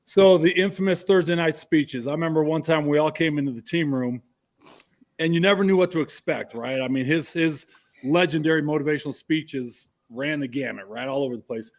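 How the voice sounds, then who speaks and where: A man, a former college football player, telling a team story in an animated, casual podcast chat. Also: fairly high pitch, brisk.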